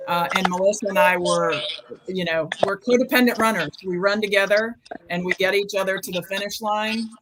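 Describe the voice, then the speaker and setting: A woman's voice: mid-range voice, brisk, noisy background. A woman in her fifties telling a personal story in a casual, chatty way with many fillers. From United States. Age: 50s. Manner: chatty, many ums, quotes herself. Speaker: charity marathon runner guest. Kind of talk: casual storytelling on a live video chat.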